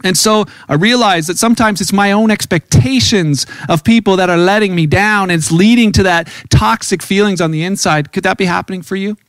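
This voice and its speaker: A man's voice: high-pitched, brisk, few pauses, no room sound, poor audio. A middle-aged male pastor giving a conversational sermon, often restarting phrases and acting out quoted voices.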